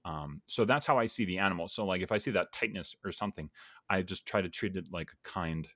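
Low-voiced man musing in podcast chat. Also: quick pace, a bit bright, no room sound, studio quality. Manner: reflective, earnest, musing aloud with many fillers. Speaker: podcast guest or host.

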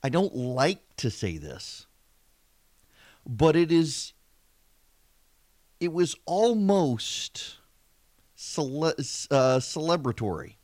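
A man's voice: a little high, big pitch swings, very slow, long pauses, a little mellow, no echo. Southern guy hosting a politics podcast, chatty with wry asides, dry close sound. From American South. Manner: conversational, repeats words when emphatic, wry asides. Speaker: podcast host.

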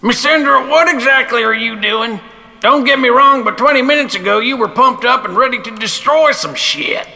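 A man's voice: very high-pitched, normal speed, vocal fry, pushed and bright, big-room sound, full character voice. A man playing a brash, impatient, profane young adventurer in a comedic audio drama.

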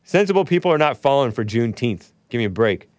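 A man's voice: mid-range voice, big pitch swings, quick pace, no echo. A man hosting a solo talk show, reading news aloud and breaking in with sarcastic, mocking asides. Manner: sarcastic, mocking asides, laughs at own remarks.

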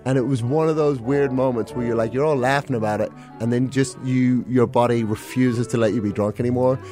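Male comedian guest from England, warm mellow tone, laid-back rambling storyteller with a self-mocking edge. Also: medium pitch, steady tone, fairly quick, soft background music. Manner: rambling, self-mocking anecdotes with frequent laughs. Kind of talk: casual storytelling in a podcast interview.

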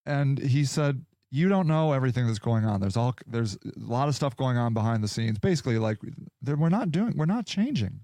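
A man's voice: medium pitch, expressive, brisk, warm tone, dry recording. Profane ranting man, dry close sound. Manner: angry, profane and sarcastic. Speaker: podcast host. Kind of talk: casual rant.

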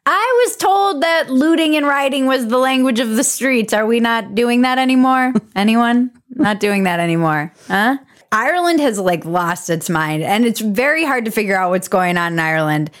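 A woman's voice: a little high, lively intonation, moderate pace, fairly bright tone. A woman hosting a comedic political commentary show, sarcastic and irreverent, laughing often. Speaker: host.

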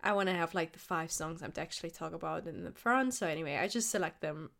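A young woman hosting her podcast in casual, unedited talk, her voice hoarse and a bit raspy, chatty with many fillers and restarts. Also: sits low, quick pace, fairly bright tone. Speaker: podcast host.

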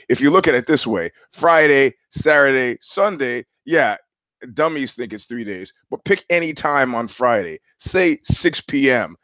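A man's voice: mid-range voice, fairly bright tone, dry recording. Guy rambling on his own livestream, wry, self-mocking, dull dry headset sound. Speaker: show host. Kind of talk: live-streamed solo monologue. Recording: dull dry lo-fi stream audio.

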